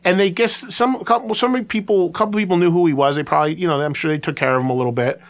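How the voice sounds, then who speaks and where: Chatty, slightly high-voiced male radio host. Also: quick pace. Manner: animated anecdotal telling, filler-heavy with restarts. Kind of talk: casual conversational storytelling.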